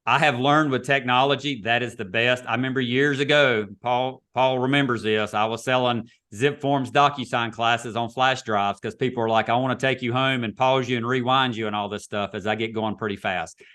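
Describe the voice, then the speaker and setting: A man's voice: mid-range voice, steady tone, moderate pace, few pauses, fairly bright tone. Man, casual webinar teacher, chatty, video call. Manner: casual, chatty, repeats himself. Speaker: real estate instructor.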